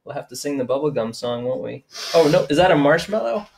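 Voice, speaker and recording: A man's voice: on the high side, expressive, quick pace, gravelly, slight background noise. A man hosting a playful live-streamed sing-along for small children, chatting and singing. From Maine. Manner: playful, sings and chats with young viewers. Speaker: children's music performer. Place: indoors at a home in rural New England. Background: his own acoustic guitar.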